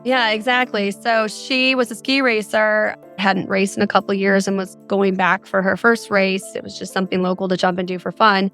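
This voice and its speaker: A woman's voice: mid-range voice, level tone, normal speed, hardly any pauses, fairly bright tone, faint music behind. A woman, a mother of four, recounting a frightening phone call in earnest detail as a podcast guest. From Arizona. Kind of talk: podcast interview, recounting a story.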